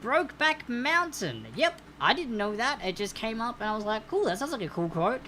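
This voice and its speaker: A woman runs a livestreamed trivia night, reading answers in an upbeat, chatty way and greeting viewers by name. Her voice is a little high and slightly bright with big pitch swings, delivered at normal speed over a faint hiss or hum.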